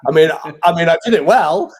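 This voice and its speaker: A British man, a magician and compere, telling stories as a podcast guest in a lively way, swearing and acting out what people said. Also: on the high side, a little fast, slightly rough. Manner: animated, swears freely, acts out quoted lines. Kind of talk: anecdotal storytelling interview.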